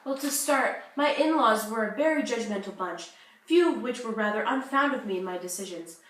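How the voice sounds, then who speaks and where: Young woman as an American journalist, earnest, confessional, high-ish voice, echoey, distant mic. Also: animated, a little fast, a bit bright. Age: young adult. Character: American journalist woman living abroad, divorced. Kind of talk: school-project talk-show role-play.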